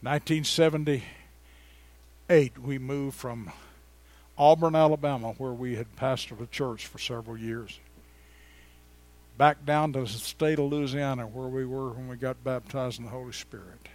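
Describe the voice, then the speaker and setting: A man's voice: medium pitch, steady tone, moderate pace, no echo. Folksy preacher in his seventies. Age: 70s. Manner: folksy, chatty, swings between loud exclamations and quiet asides. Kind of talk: sermon with personal stories. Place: church before a congregation.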